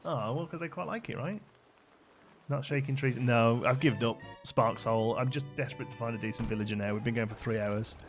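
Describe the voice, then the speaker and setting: A young man chats casually through a live game stream, cracking jokes and humming snippets of tunes. His voice has a gravelly edge. Quiet game music plays behind him. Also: medium pitch, fairly quick. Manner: chatty, jokey, hums and sings tunes.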